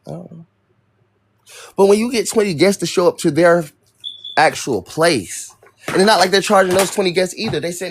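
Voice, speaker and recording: A man's voice: high voice, lively intonation, moderate pace, a little hiss or hum. A young man hosting a livestream, venting in an irritated, profane rant to his chat. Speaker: livestream host. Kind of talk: ranting livestream talk to chat.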